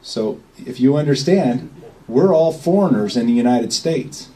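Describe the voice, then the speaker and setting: A man's voice: medium pitch, animated, unhurried, warm tone, recorded from a distance, low-quality recording. A man giving an informal, rambling talk to a small group, often checking in with "okay?". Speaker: speaker at a meeting.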